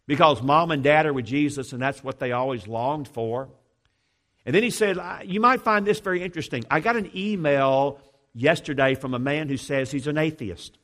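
A man in his fifties preaching a sermon, driving hard on some points and dropping low and quiet on others. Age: 50s. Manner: emphatic preaching, swinging between loud declarations and low, quiet intensity. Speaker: pastor.

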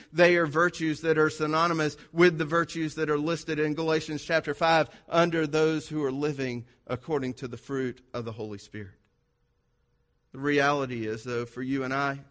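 Emphatic, higher-voiced male preacher. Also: fairly bright tone. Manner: emphatic, repetitive, rhythmic lists. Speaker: pastor. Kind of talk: sermon.

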